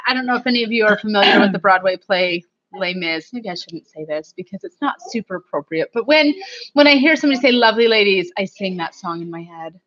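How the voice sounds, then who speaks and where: A woman's voice: medium pitch, lively intonation, quick pace, fairly bright tone. A woman co-hosting a casual livestream, giggly and chatty as she reads out and answers viewer comments. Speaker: livestream co-host. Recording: dull lo-fi livestream audio.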